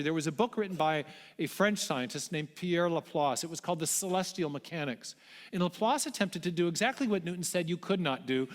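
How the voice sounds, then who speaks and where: A man giving a public lecture to a large audience, telling history in a measured way with frequent restarts. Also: on the high side. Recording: long hall reverb.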